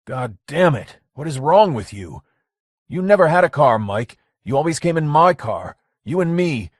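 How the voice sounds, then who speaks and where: A man's voice: on the high side, very animated, moderate pace, dry recording, clean studio sound, voice pushed up. A man voicing a frightened, exasperated young man arguing with his friend. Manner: urgent, incredulous.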